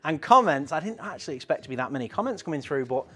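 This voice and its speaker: A man's voice: a little high, animated, very fast, bright, forceful tone, slightly rough. Chatty man hosting a live stream. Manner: chatty and rambling, reading out viewer comments. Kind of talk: casual live-stream chat.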